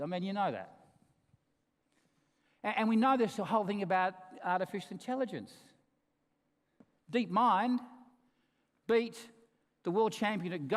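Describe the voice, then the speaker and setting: Animated, high-voiced man giving a keynote. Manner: emphatic, humorous storytelling with sudden drops to quiet asides. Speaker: keynote speaker. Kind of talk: conference keynote address. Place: large conference hall. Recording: reverberant hall.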